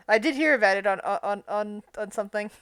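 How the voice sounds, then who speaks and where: A woman chatting with fellow players on a call, talkative and quick to laugh, often restarting her sentences. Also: mid-range voice, fairly bright tone, clear, resonant tone. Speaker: tabletop game player. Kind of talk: casual chat.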